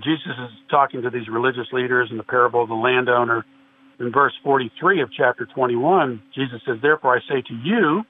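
A man earnestly arguing a point of theology in a discussion, quoting scripture at length. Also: mid-range voice. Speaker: podcast guest. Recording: tinny phone-like line with faint noise.

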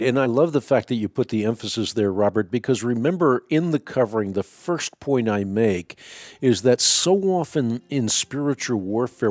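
A man hosting a call-in radio show, answering a caller's Bible questions in a measured, emphatic teaching tone. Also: mid-range voice, darkish tone. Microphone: studio microphone.

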